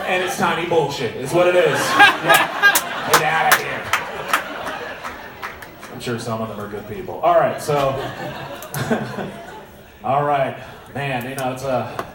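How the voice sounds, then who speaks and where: A sarcastic man in his thirties works a stand-up set, punchy and conversational, with a fairly high voice. The room is roomy and echoey, heard from a distance, with a lively crowd and steady noise behind him. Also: normal speed. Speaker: stand-up comedian and emcee. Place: indoor comedy club.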